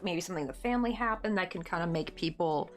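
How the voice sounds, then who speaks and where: A woman's voice: lowish voice, fast talker, soft background music. A woman from the States with a Southern American accent, chatting casually on a live stream while she crochets, rambling and reading out chat comments. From United States.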